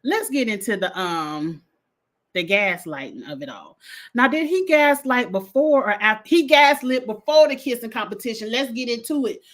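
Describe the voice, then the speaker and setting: A young adult woman giving a blunt, animated reality TV review in casual vlog style, swearing freely. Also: on the high side, moderate pace.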